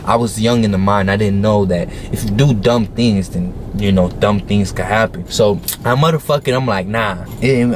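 A man's voice: on the low side, normal speed, hardly any pauses, slight background noise. A young man casually telling a story to camera, slangy and profane, with plenty of fillers. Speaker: vlogger.

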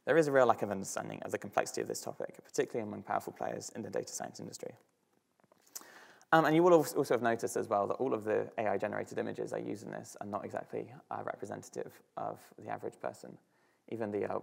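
A student speaker with a British accent and a lowish, gravelly voice gives an academic talk over slides. He thinks aloud as he goes, frequently restarting and using fillers.

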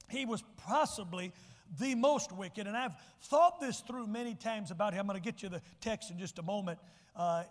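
A man preaching a sermon as pastor, folksy and emphatic, often repeating words as he restarts. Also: sits high. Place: church sanctuary. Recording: church hall reverb.

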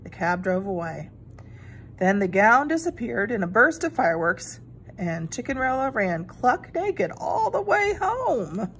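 A woman reading a children's picture book aloud in an expressive, animated way. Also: on the high side, measured pace, slight background noise. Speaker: storyteller.

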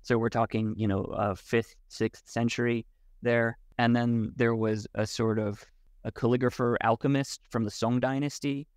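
A man as a podcast guest, talking in a thoughtful, halting way with many restarts. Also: mid-range voice, steady tone, darkish tone, no echo, clean studio sound. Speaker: podcast guest, Wudang martial arts teacher. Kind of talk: casual conversation.

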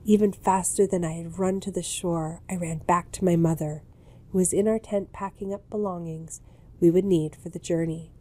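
A woman author reading a chapter of her book aloud in a measured, calm first-person narration. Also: lowish voice. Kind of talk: storybook reading.

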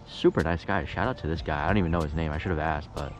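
A fishing vlogger, young and low-voiced, talks quickly as he narrates casually from a kayak on a lake. He's excitable, moving between quiet thoughts and loud outbursts of frustration. His camera captures the outdoors with a steady hum of background noise.

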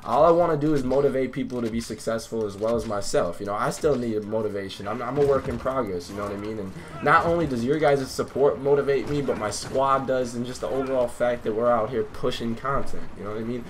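A man's voice: mid-range voice, fast talker, few pauses, a little hiss or hum. Hyped young man commenting on his gameplay. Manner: hyped, swearing, talks to viewers and teammates. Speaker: gaming YouTuber.

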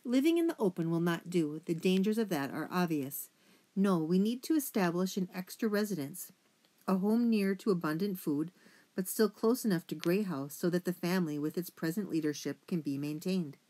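A self-important old father mouse holds forth to his enormous family in a storybook reading, as a woman narrator puts him on. He lectures in a stuffy, pompous tone, and his voice sits on the lower side. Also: normal speed, warm tone, close to an everyday voice. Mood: lecturing. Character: pompous elderly male mouse patriarch. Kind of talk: audiobook character reading.

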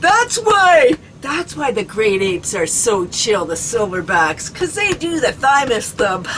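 A woman's voice: on the high side, sing-song, takes it slowly, hardly any pauses. A woman from Canada leading a playful guided laughter exercise, bubbly and giggly with lots of exclamations. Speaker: laughter club leader. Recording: distant mic with noticeable background noise.

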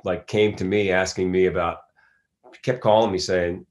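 Middle-aged guest from Philadelphia, deep-voiced man, thoughtful and halting delivery. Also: steady tone, darkish tone. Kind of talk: casual interview talk.

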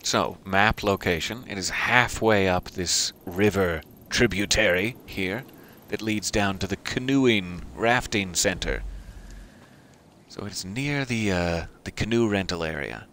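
A man's voice: sits low, a little slow, sharp tone, a little hiss or hum. A man giving casual let's-play commentary, rambling with self-deprecating asides. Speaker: gameplay commentator.

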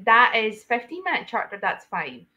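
A woman's voice: a little high, sing-song, moderate pace, bright, forceful tone. A woman hosting a live trading stream, talking animatedly and explaining her trading with fillers. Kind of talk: casual trading chat. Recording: dull lo-fi stream audio.

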